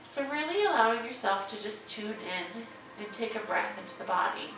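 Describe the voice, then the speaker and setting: A woman yoga instructor giving gentle, encouraging cues with drawn-out phrasing and playful, chatty asides. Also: mid-range voice, animated, gravelly, background noise. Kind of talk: guided yoga class talk. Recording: echoey room, distant mic, music behind.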